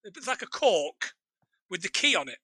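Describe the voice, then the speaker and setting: A man's voice: high voice, very animated, moderate pace, bright, forceful tone, breathy edge, no echo. A man co-hosting a podcast, recapping a film in casual, joking chat and swearing freely. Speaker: podcast co-host.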